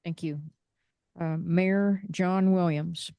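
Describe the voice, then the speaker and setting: A woman's voice: fairly low pitch, steady tone, takes it slowly, dark tone, clear, resonant tone, no echo, clean studio sound. A woman chairing a commission hearing, calling speakers in a procedural way with fillers. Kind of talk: meeting chairing.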